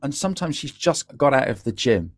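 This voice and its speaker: Animated man guest, dry close sound. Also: medium pitch, fairly quick, no room sound. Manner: animated, lively, stumbling restarts. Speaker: podcast guest, LinkedIn trainer. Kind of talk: casual conversational interview.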